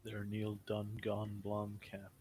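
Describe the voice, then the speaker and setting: A man's voice: fairly low pitch, completely flat delivery, slow, a little mellow, a little hiss or hum. A young man co-hosting a casual podcast chat, joking and often trailing off mid-sentence. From New Zealand. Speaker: podcast co-host.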